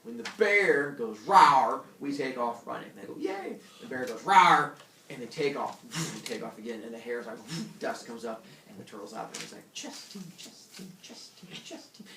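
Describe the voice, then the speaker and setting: A man's voice: medium pitch, gravelly, background noise. Young guy teacher goofing around while lecturing, roomy classroom, mic far away. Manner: jokey, acts out animal characters in funny voices. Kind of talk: classroom lecture with playful storytelling.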